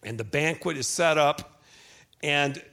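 A man's voice: fairly high pitch, a little slow, vocal fry. A middle-aged male pastor preaching a sermon, joking and speaking straight to the congregation. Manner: animated, joking, addresses the congregation directly.

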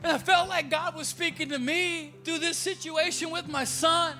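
A man preaches in a high, bright voice, mixing jokey storytelling with rising, fervent exhortation. He is on a large church stage with a stage microphone. Faint music plays underneath. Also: normal speed. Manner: animated, jokey storytelling building to loud preaching. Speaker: pastor. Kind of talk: sermon with storytelling.

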